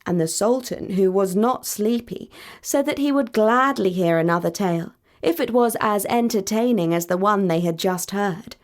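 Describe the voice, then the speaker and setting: A woman storyteller narrating a fairy tale in a clear, measured, deliberate way. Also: mid-range voice.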